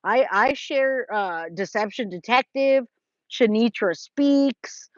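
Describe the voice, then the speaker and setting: Her voice is a little high and expressive, and she takes it slowly as she hosts a casual livestream from a trailer. The California woman reads chat, greets viewers by name and keeps restarting. The lo-fi audio is dry and slightly dull, with no echo.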